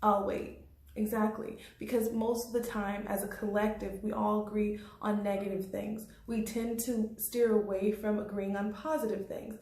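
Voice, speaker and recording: A woman's voice: mid-range voice, flat delivery, moderate pace, darkish tone. Chatty woman in an echoey room. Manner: chatty, laughs often, says "like" and "okay?". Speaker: astrology channel host. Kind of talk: casual talk to camera.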